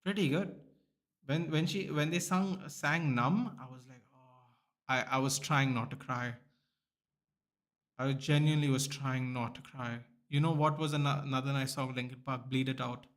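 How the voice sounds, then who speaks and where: A man's voice: mid-range voice, moderate pace, fairly bright tone. A young man, chatting casually to viewers during a live football watchalong stream. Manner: chatty, reacting aloud to chat, many restarts and "bro", "dude".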